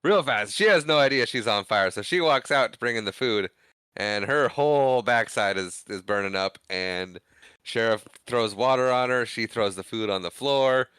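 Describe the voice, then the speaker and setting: Guy on a podcast walking through a movie plot, bright crisp voice, dry close mic. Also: medium pitch, normal speed, no echo. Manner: retells scenes, acting out characters' lines. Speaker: podcast co-host. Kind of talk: casual movie recap chat.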